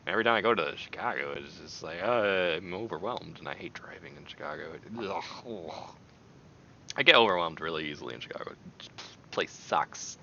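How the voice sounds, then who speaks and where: A man with a very bright, gravelly, low-pitched voice, talking in a rambling way and breaking into animated exclamations. It sounds like casual on-camera chat. The recording is dull and lo-fi, with a faint hiss under it. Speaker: video creator. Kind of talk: casual chat while taste-testing.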